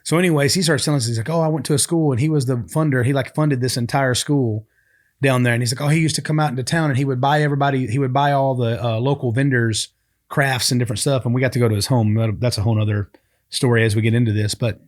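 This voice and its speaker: A man from Tennessee co-hosting a podcast, telling stories in casual chat and acting out what people said. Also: mid-range voice. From Tennessee, United States. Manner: fast, lively storyteller who acts out quotes. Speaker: podcast co-host.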